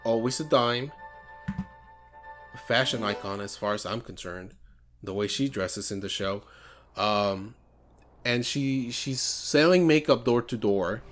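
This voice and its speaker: A man co-hosting a laid-back podcast, talking at an everyday middle pitch. He rambles along in casual chat, stacking up fillers and restarts as he explains things. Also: unhurried, long pauses, fairly bright tone, soft background music. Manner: rambling, chatty, full of fillers. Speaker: podcast co-host.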